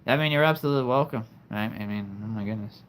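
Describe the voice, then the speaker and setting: A man's voice: fairly low pitch, fast, fairly bright tone, a little hiss or hum. A man hosting a live stream, talking to his viewers in an earnest, heartfelt, reflective way. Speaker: livestream host.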